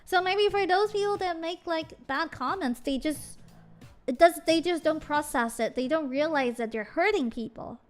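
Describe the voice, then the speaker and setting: Bubbly high-pitched woman streamer. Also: moderate pace, soft background music. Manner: bubbly, chatty, mixes in Japanese words. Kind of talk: casual chat with viewers.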